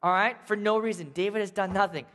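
A man's voice: high voice, steady tone, fast, a bit bright, long reverb tail. A man telling a Bible story as a casual, jokey sermon, acting out the characters for a young crowd. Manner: casual, jokey, acts out voices.

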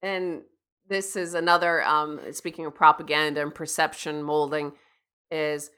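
A woman's voice: deep voice, flat delivery, measured pace, bright, forceful tone, clean tone. A woman co-hosting a talk radio show, making earnest, insistent points with frequent restarts. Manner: earnest, insistent, repeats herself. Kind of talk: casual talk radio commentary. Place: radio studio.

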